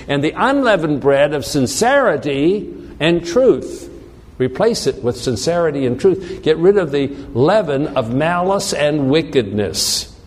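A man preaching a sermon, emphatic and slowing down to read scripture aloud. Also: a little high, darkish tone, long reverb tail. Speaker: pastor.

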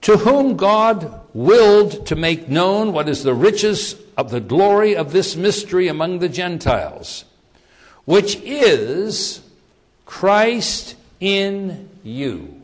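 A man preaching a sermon, reading and explaining scripture, often repeating words and slowing down for emphasis. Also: high-pitched, animated, a little mellow, in a large hall.

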